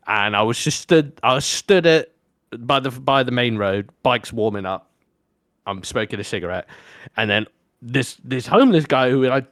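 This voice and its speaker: Young male podcast co-host, from Africa, animated swearing storyteller, dry close-miked voice. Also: medium pitch, no echo. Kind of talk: casual storytelling chat.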